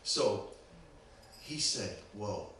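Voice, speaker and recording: A man's voice: lowish voice, very slow. A man from Pittsburgh with a Pittsburgh accent, a guest preacher telling a story in a sermon and checking in with the congregation often. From Pittsburgh, USA. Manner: animated, keeps checking in with the audience. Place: church sanctuary. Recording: very echoey church, distant mic, background noise.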